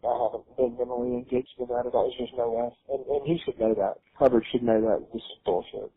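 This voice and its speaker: A man's voice: medium pitch, fairly even intonation, fast talker, slightly rough, no echo. A young man on a recorded phone call, frustrated and defensive, swearing as he talks. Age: young adult. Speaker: son on a jail phone call. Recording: tinny jailhouse phone line.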